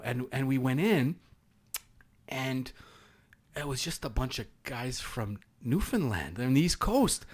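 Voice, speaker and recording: A man's voice: mid-range voice, fairly bright tone. A man from Canada, a former SWAT officer, telling an anecdote as a guest with many restarts and fillers. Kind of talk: storytelling anecdote in conversation.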